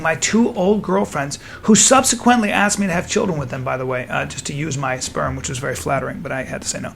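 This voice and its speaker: A man in his thirties telling a raunchy story as a podcast guest, animated and profane, often laughing. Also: fairly high pitch, quick pace, vocal fry, hardly any pauses, slight background noise. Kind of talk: casual storytelling.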